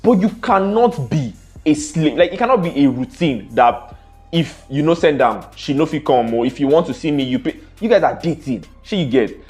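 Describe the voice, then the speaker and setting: A man's voice: a little high, expressive, moderate pace, darkish tone, soft background music. A young man with a Nigerian accent giving blunt dating advice in a casual monologue, switching between pidgin and English and often checking "you get?".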